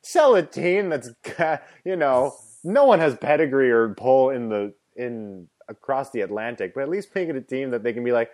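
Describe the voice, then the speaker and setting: A man's voice: medium pitch, animated, moderate pace, hardly any pauses, darkish tone. A man co-hosting a sports podcast, giving opinionated picks and ranting in a casual chat.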